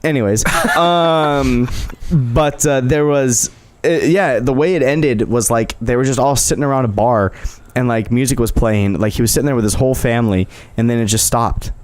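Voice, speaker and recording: A young man co-hosting a podcast, telling stories in an animated, profane way. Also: mid-range voice, normal speed. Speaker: podcast co-host. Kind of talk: casual chat.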